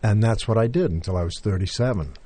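A man's voice: fairly low pitch, quick pace, dark tone, slight background noise. An older man from England, now with an American accent, telling stories in an interview with many fillers and restarts. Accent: General American. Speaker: interview guest. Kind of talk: conversational interview.

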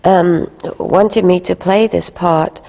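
A woman's voice: fairly low pitch, steady tone, slow, creaky, warm tone, long reverb tail. A woman guest in an interview, chatting and laughing between phrases. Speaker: guest actor. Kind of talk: conversational interview.

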